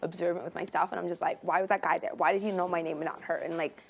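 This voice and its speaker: A young woman telling a story in casual chat, animated and full of "like", acting out the voices of people she quotes. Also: fairly low pitch, fast. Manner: animated, fills talk with "like", acts out quoted voices. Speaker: reality show contestant.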